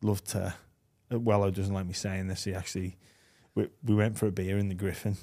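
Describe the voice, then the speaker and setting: A man hosting a podcast, chatting casually and telling stories in an animated way, from England. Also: sits low, brisk. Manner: animated storyteller, acts out voices with laughs. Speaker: podcast host. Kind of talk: casual interview chat.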